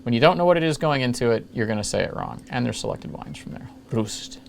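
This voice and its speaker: A man's voice: mid-range voice, lively intonation, fast, creaky. Man host, offhand and self-mocking, mid-range voice, light hiss behind. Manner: jokey, rambling, self-mocking asides. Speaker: retro computing video host. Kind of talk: casual screen-capture walkthrough.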